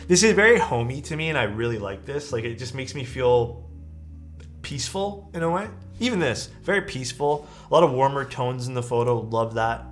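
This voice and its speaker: An easygoing male streamer chats his way through photos, his pitch bouncing up and down as he reacts. Faint music plays behind him. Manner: enthusiastic, easygoing, lots of praise. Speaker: streamer reviewing viewers' keyboard photos. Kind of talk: casual live-stream commentary.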